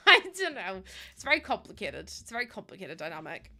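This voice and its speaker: A young woman chatting casually to her stream, full of "like" and quick laughs. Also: medium pitch, sing-song, pushed and bright. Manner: chatty, laughs often, lots of "like".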